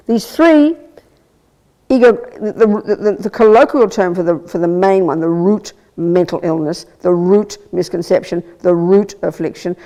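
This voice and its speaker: A Buddhist nun giving a live teaching, talking in an animated, emphatic way with rhetorical questions, wry blunt asides and stammered restarts. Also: female voice, fairly low pitch. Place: teaching hall at a Buddhist centre.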